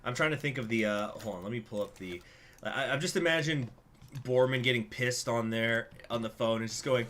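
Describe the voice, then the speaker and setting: A man's voice: mid-range voice, fairly quick, fairly bright tone. A man casually commenting on a strategy game as he plays, reading events aloud with laughing asides. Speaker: game streamer.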